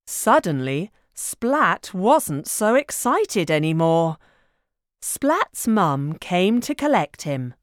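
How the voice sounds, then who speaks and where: A woman reading a children's picture book aloud in a clear, expressive way. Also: lowish voice, takes it slowly, no room sound. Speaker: storyteller.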